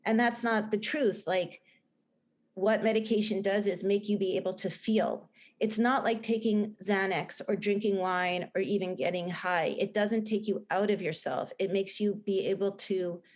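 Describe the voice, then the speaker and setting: A middle-aged woman with a New Jersey accent, speaking earnestly in a podcast interview. She talks in a loose, rambling way, full of restarts and fillers, at a middle pitch. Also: fairly even intonation, moderate pace. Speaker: guest, film director and writer.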